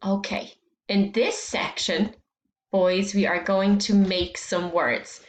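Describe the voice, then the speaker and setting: A woman teaching a phonics lesson to young children, speaking slowly and clearly, stretching out sounds and encouraging them. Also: mid-range voice, fairly even intonation, reverberant.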